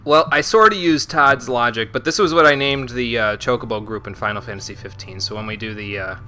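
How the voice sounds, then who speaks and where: A man's voice: medium pitch, a little fast, music in the background. A young man streaming a video game, chatting casually and mumbling to himself as he plays. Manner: mumbles to himself, chuckles often. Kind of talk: casual gameplay commentary.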